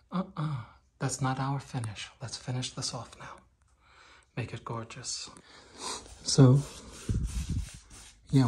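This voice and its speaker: A man's voice: medium pitch, a little mellow, a little hiss or hum. A man teaching how to paint a door. He talks while he works, often drops to a whisper and makes joking asides to the viewers. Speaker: painting instructor. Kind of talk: hands-on painting demonstration. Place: indoors at a door being painted.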